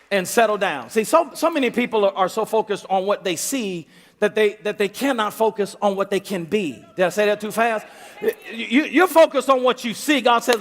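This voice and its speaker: A man preaching a sermon as pastor, repeating words in quick restarts and voicing God and his listeners in quotes. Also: high-pitched, expressive. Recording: long hall reverb.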